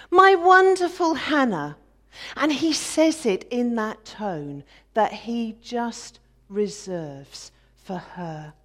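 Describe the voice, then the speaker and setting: A woman voicing a bitter, sharp-tongued second wife in a biblical dramatic monologue, mocking and self-righteous. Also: fairly high pitch, full character voice.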